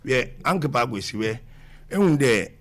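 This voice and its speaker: Animated man, lively pitch. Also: moderate pace. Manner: mixes English with Twi, talks over the interviewer. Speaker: interviewee. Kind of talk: animated conversational interview.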